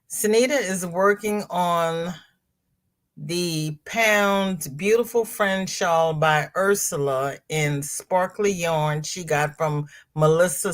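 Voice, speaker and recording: A middle-aged woman hosting a casual livestream, chatting with viewers and reading their comments aloud. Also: lowish voice. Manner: chatty, exclaims and laughs while reading comments. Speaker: host reading live chat. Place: home.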